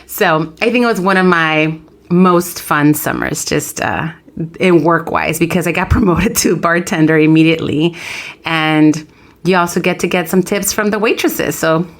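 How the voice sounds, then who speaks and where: A young woman co-hosting a podcast, telling a lively story in casual chat and acting out the people in it. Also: fairly low pitch. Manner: lively storyteller, animated quoted voices. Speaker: podcast co-host.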